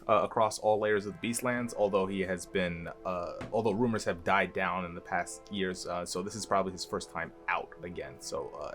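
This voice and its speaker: A man's voice: sits low, a bit bright. A man player in a tabletop game, hesitant with many fillers.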